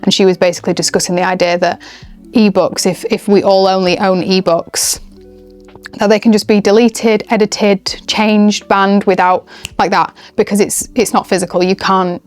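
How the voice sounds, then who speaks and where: A woman's voice: medium pitch, little pitch movement, moderate pace. Young woman vlogger, mid-range voice, rambling enthusiastic chat with faint music underneath. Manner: chatty, rambling, self-interrupting, enthusiastic. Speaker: book and haul vlogger. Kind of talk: casual chat to camera.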